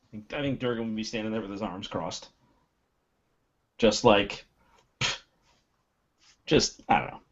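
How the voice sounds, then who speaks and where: A man's voice: lowish voice, unhurried, long pauses. A man playing a tabletop game, talking animatedly and laughing often. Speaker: player. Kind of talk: casual game chat. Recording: dull lo-fi audio.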